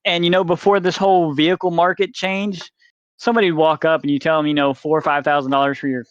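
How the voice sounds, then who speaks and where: A man's voice: on the high side, flat delivery, fast, smooth, no echo, highs cut off. A man telling a rambling story as a podcast guest, swearing freely and acting out the people he quotes. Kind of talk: casual storytelling.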